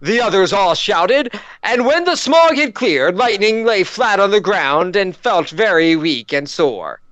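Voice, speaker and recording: A man's voice: sits high, big pitch swings, a little slow, a bit bright, no echo, muffled recording. A man narrating a story aloud with sarcastic asides. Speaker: narrator and host. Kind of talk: comedic dramatic reading.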